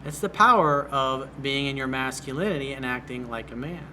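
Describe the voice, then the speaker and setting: A man's voice: medium pitch, moderate pace, pushed and bright, a little hiss or hum. A man working as a dating coach, reading out and answering a viewer's email in a blunt, direct way.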